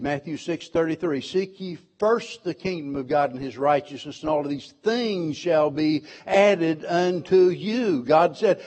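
A man's voice: fairly high pitch, a little slow, hardly any pauses, darkish tone. A man preaching a sermon, emphatic, repeating key words and quoting scripture in old-fashioned wording.

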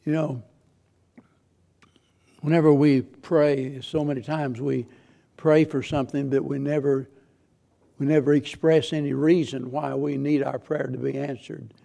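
Gravelly-voiced man preaching earnestly. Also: mid-range voice, level tone, a little slow, pauses often, mellow. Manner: earnest preaching with repeated phrases and restarts. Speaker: pastor. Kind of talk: sermon.

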